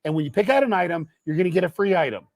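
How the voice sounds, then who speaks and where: A man hosting a livestream, telling a story with lively quoted dialogue. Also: high-pitched, racing. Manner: animated storyteller, quoting others. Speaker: livestream host. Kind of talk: excited livestream chat.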